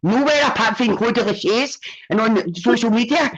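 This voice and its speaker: A woman's voice: a little high, animated, normal speed. A Scottish woman taunting and mocking someone in a sweary livestream argument. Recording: dull lo-fi stream audio.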